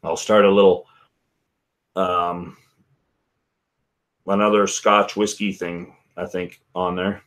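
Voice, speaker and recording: A man's voice: low-pitched, flat delivery, takes it slowly, pauses often, a bit bright. A man hosting a casual whisky live stream, rambling and chatting with viewers by name. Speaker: livestream host.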